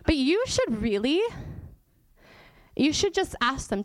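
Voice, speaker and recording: A woman's voice: sits high, sing-song, slow, no echo. A woman giving a sermon in a chatty, informal way, laughing often and dropping to a whisper to make a point. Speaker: guest church teacher. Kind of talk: conversational sermon.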